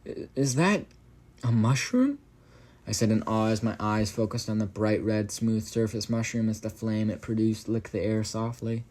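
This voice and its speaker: Low, flat-voiced man reading horror. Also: normal speed, few pauses. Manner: stumbles and corrects himself while reading; drops into casual, profane asides to the listener. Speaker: horror story narrator. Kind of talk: reading a first-person horror story aloud.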